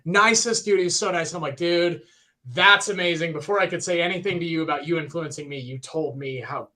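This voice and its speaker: A young man, pitched a bit high, tells a fan story on a music podcast in a loose, chatty way. He gets animated and acts out quotes, with lots of "like" and "right?" along the way. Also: fast talker. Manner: excited, animated retelling with many fillers. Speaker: podcast co-host. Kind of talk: casual storytelling on a livestream.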